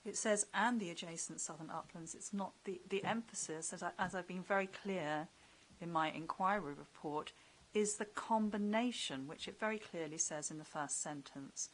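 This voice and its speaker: A woman giving evidence as an expert witness at a public inquiry, firm and clear in disagreeing. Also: on the low side, moderate pace, poor audio. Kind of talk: inquiry testimony.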